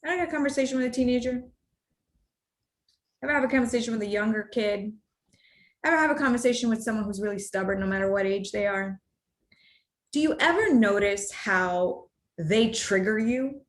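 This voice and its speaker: A woman giving a live workshop to an audience in a room, talking in an animated, conversational way and addressing the audience directly. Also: fairly high pitch, fairly quick, pauses often. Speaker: workshop speaker. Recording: roomy echo.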